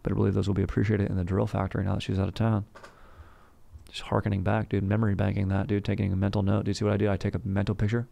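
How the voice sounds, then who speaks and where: A low-voiced man with a gravelly, fry-laden edge rambles through a comedic podcast monologue. He talks like a boastful bro salesman, dropping "dude" and "bro" at the end of nearly every line. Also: completely flat delivery, rapid-fire, dark tone, muffled recording. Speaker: podcast host.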